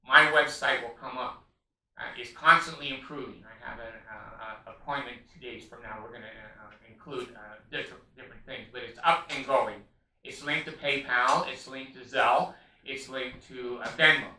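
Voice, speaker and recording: A man's voice: medium pitch, normal speed, pushed and bright, recorded from a distance. Blunt, profane older man in an echoey room. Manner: blunt and profane, many filler ums and restarts. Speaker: video blogger appealing for donations. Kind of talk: rambling emotional monologue. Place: his home, a living room with vaulted ceilings.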